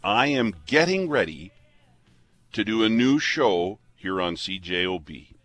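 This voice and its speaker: A man's voice: lowish voice, sing-song, measured pace, fairly bright tone, soft background music. A man in his fifties from Canada, a radio host talking in an earnest, rambling way with many restarts. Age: 50s. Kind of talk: casual on-air chat. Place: radio studio.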